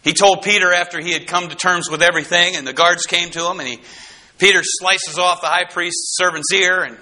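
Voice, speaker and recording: A man delivers a folksy, fervent sermon in a high voice that is very bright and sharp. He repeats and restarts his words, then surges into shouted emphasis. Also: fairly even intonation, a little fast. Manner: fervent, swells into shouts on key points. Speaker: preacher.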